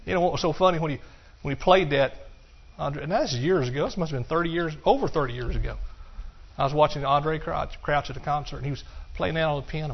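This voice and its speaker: A middle-aged male preacher delivers a sermon in a high voice. He breaks into song now and then and calls out to his congregation. The sound is dull and muffled. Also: fast talker, creaky, slight background noise.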